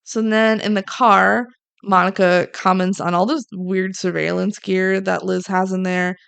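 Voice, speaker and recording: A young woman with a gravelly, vocal-fry edge talks through a film scene by scene in a relaxed podcast chat. She slips into short acted-out quotes of the characters as she goes, and her pitch sits at an ordinary middle height. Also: measured pace. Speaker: podcast co-host. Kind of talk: casual movie recap chat.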